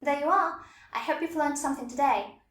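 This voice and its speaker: Female language teacher, high voice, deliberate tone demos, roomy echo. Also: a bit bright. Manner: clear, deliberate demonstration of tones. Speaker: Mandarin teacher. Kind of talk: scripted language lesson.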